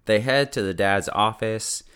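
An unhurried man with a lowish, clear, resonant voice that's a bit bright gives a chatty recap of a TV episode. He scatters "like" throughout and laughs often.

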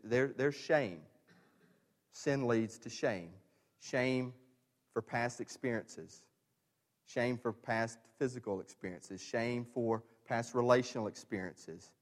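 A middle-aged male pastor preaching a sermon, emphatic and repetitive, rising to loud stresses and dropping to quiet lows. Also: long reverb tail.

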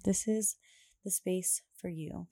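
A young woman talks casually as a podcast host, rambling through everyday stories and laughing often. Her voice sits a bit low for a woman. The sound is dry and close, with no room echo. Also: sing-song, very slow, dark tone. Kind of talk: casual chat.

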